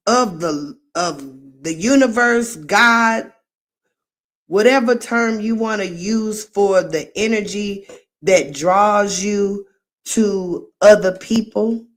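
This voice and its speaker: A woman's voice: medium pitch, lively intonation, takes it slowly. A middle-aged woman hosting a livestream, chatting casually and telling meandering stories in a friendly way. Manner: chatty, warm-hearted, meandering storyteller. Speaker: livestream host.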